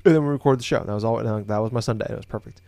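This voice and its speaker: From his home office, a podcast co-host tells a long story casually, rambling with lots of fillers and restarts. His fairly low voice is warm, carries vocal fry and comes out rapid-fire. There's no echo.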